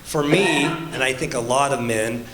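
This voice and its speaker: A man's voice: mid-range voice, a little slow, a loud crowd. A middle-aged man co-teaching a church marriage class, chatting casually and tossing questions to the audience. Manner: conversational, asks the audience questions, frequent "right?". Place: church meeting room. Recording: echoey room.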